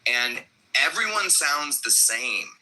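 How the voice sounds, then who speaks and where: A man talking on a podcast in a rambling, off-the-cuff way, cutting himself off and circling back. His voice is very bright and forward, with a mid-range pitch for a man. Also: big pitch swings, slow, low-quality recording. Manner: rambling, self-interrupting, loose and profane. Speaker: podcast co-host. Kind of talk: casual chat.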